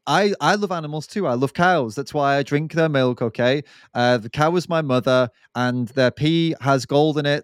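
A man's voice: medium pitch, smooth, dry recording, close to an everyday voice. A man voicing a boastful, unbending devout man who preaches smugly, recorded on a dry close mic. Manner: smug, preachy.

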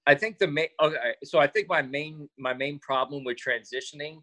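Speaking at normal speed in a fairly high voice, this man is a guest on a podcast. In the casual interview he tells stories with animation, acting out each quote.

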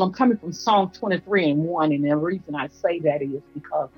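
A woman's voice: low voice, fairly quick, darkish tone, slightly rough, soft background music, rough recording. A woman preacher from Georgia, giving a fervent, rhythmic testimony with repetitions, her voice teary and breaking at times. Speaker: apostle, guest preacher.

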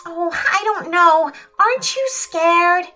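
A woman doing an excitable squealing girl. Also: normal speed, soft background music, exaggerated voice. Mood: worried. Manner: high, squealing, giggly. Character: excitable young girl, Felix's sister.

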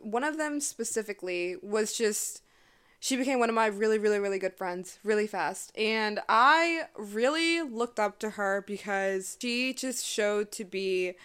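A woman's voice: medium pitch, a bit bright, clean tone. A woman in her twenties hosting a personal podcast, talking in a chatty, emotional way with lots of fillers. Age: 20s. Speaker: podcast host. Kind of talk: casual personal podcast monologue.

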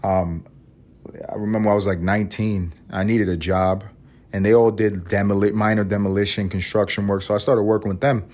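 A man with a fairly low voice, talking through a casual solo podcast. He rambles and swears freely, cracks jokes, and often restarts his sentences. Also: little pitch movement, brisk, a little mellow. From Harlem, New York. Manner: rambling, profane and joking, with frequent restarts. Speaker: podcast host.

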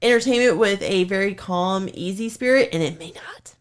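A woman's voice: medium pitch, moderate pace. A woman co-hosting a podcast in casual chat. She talks loosely, swears freely and fills her sentences with "like". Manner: loose and chatty, swears freely, many "like" fillers. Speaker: podcast co-host.

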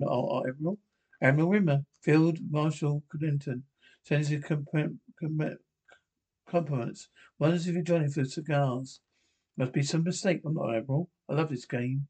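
A man's voice in TV sitcom dialogue, with brisk, bickering comic delivery. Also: on the high side, a little mellow. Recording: TV episode audio.

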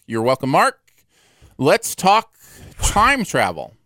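A male podcast host with a lively, swinging pitch, chatting casually with his co-host. The recording is close and dry, with no room around the voice. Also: slow pace, no room sound. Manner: animated, jumps pitch when excited.

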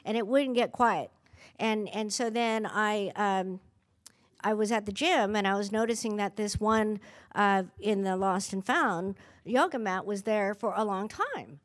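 A woman's voice: mid-range voice, a little slow. A middle-aged woman giving a candid, self-mocking personal share at a recovery meeting, often restarting her sentences.

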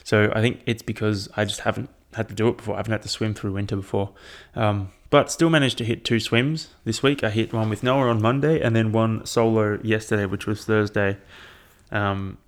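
A man's voice: lowish voice, fairly even intonation, a little fast. A young man chatting casually about his training to his own microphone, rambling and swearing often. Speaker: triathlete sharing training update. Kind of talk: casual chat.

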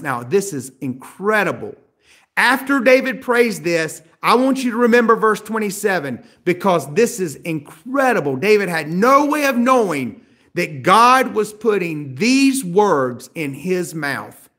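A man with a high voice delivers a sermon. He drives his points home with rhetorical questions, building to emphatic raised peaks before dropping back to a hushed, quiet delivery. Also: very animated, unhurried. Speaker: preacher.

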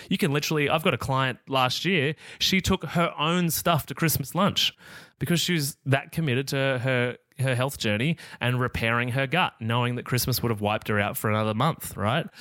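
A man's voice: medium pitch, a bit bright, no room sound. A middle-aged man, talking casually on his solo podcast and acting out example conversations. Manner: casual, chatty, acts out example dialogue. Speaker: podcast host.

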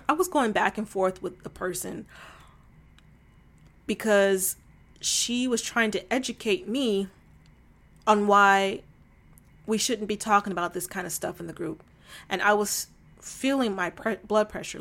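A woman's voice: mid-range voice, unhurried, pauses often, fairly bright tone. A woman talking casually to camera in a vlog, emphatic and exasperated, with lots of fillers. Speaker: vlogger.

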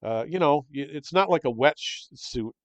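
A man's voice: a little high, expressive, moderate pace, dry recording. An older man from Michigan hosting his own show, chatting in a rambling, friendly way with many fillers and restarts. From Michigan, USA. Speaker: podcast host. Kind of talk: casual solo monologue. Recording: slightly dull, dry close-mic recording.

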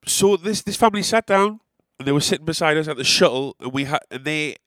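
A man's voice: a little high, quick pace, no room sound. Rambling, swearing Englishman with a dry sound. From England. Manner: rambling and animated, swears a lot, sarcastic asides. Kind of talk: casual anecdote telling.

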